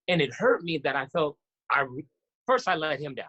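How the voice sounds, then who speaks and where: An animated man, talking as a guest on a podcast. He tells his stories in a fairly high voice and jumps up even higher when he acts out what other people said. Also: moderate pace, muffled recording. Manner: animated, acts out quotes with sudden pitch jumps. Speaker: podcast guest, basketball coach. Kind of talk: storytelling in casual interview.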